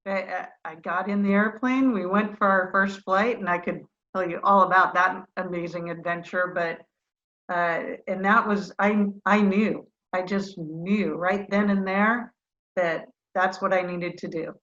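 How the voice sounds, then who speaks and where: Middle-aged woman telling stories on a video call, lively and self-deprecating, dull lo-fi sound, bright tone. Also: fairly low pitch, measured pace. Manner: animated, self-deprecating storyteller. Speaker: guest, retired fighter pilot. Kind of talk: storytelling in a video-call interview.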